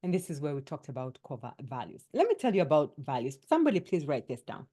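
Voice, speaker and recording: A woman coach leading a wellness workshop for doctors, her voice sitting a little low for a woman. She talks in a lively, emphatic way, driving each point home and often tagging it with a quick "right?" to keep the room with her. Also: slightly rough.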